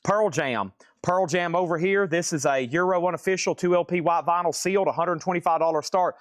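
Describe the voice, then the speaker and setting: A man running a live online record sale and auction, calling out titles and prices in quick bursts with frequent exclamations of surprise. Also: a little high, no room sound, clean studio sound. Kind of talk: live online sales stream.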